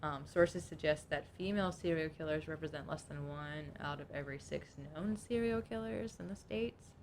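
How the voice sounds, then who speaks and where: A woman's voice: deep voice, moderate pace, noisy background. A young adult woman co-hosting a podcast in casual chat, reading notes aloud in a chatty, informal way. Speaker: podcast co-host.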